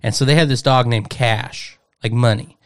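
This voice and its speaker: A man's voice: medium pitch, steady tone, moderate pace. A young man telling a long, rambling anecdote in casual podcast chat. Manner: rambling storyteller, repeats "no joke". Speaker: podcast co-host.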